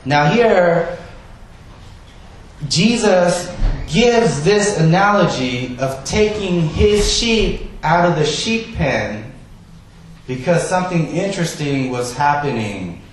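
A man preaching a sermon, stressing key words loudly and then dropping to a soft, quiet delivery. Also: on the high side, expressive, takes it slowly, a little hiss or hum. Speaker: pastor. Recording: echoey room, voice from a distance.

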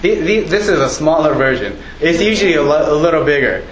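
A man's voice: a little high, expressive, fairly quick, a little hiss or hum. A pastor giving a casual, conversational sermon, joking with his congregation in a church. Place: church sanctuary. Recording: echoey church room, faint ambience.

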